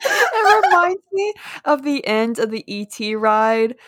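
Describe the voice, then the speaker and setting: Frau, langsam sprechend, mit trockenen Sprüchen. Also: female voice, fairly high pitch, very animated, a little slow, no room sound. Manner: dry asides, laughs often. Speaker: podcast co-host. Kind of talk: casual chat recapping a movie.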